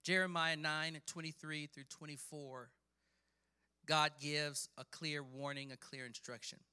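A man preaching a sermon, reading scripture with dramatic emphasis and building from quiet passages to shouting. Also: a little high, little pitch movement, unhurried, clean tone. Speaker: pastor.

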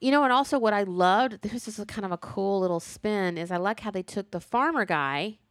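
A woman chatting casually about a TV show, animated and talkative with playful sass. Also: mid-range voice, brisk, no echo, clean studio sound. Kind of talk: casual chat reviewing a TV show.

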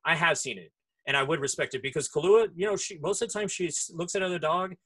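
This man tells stories in casual chat with a bright, sharp tone and a slightly high voice. He swears freely and acts out the people in his stories. He talks through headphones. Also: fast talker, husky. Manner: profane storyteller who acts out voices.

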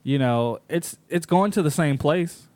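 A man's voice: a little high, animated, a little slow, a little mellow, no room sound. A man co-hosting a podcast in casual banter, laid-back and laughing easily. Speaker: podcast co-host.

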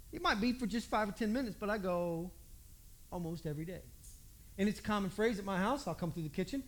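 A man preaching a folksy storytelling sermon, acting out the voices in the story. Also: high-pitched.

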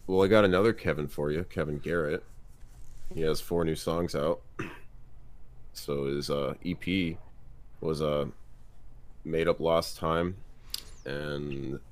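A man co-hosting a podcast, talking in a relaxed, slangy, joking way. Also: extremely low pitch, takes it slowly, pauses often. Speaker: podcast co-host. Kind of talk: casual chat.

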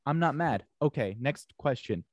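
Lively mock-earnest man podcaster. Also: mid-range voice, normal speed, no echo, clean studio sound. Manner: mock-earnest, keeps steering the show. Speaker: podcast co-host. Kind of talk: comedic podcast banter.

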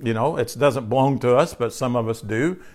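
A man's voice: medium pitch, normal speed, darkish tone. A man preaching a sermon in a conversational way, asking his listeners questions and repeating key phrases. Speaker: pastor.

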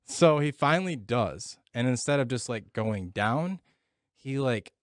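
A man telling a story in casual chat, swearing all the way through and getting animated as it goes. His pitch sits in the middle. He is recorded dry and close, with no room sound. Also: a little slow, no room sound.

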